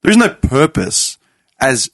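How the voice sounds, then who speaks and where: A young man of Greek family hosting a casual podcast chat, animated and swearing freely as he retells conversations. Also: medium pitch, a little slow, dry recording. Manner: animated storyteller, swears freely, quotes others. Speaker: podcast host.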